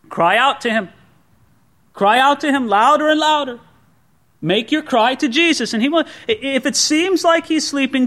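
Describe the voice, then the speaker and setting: A pastor preaching a sermon in a conversational way, acting out the quoted speech of others. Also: male voice, high voice, fairly bright tone.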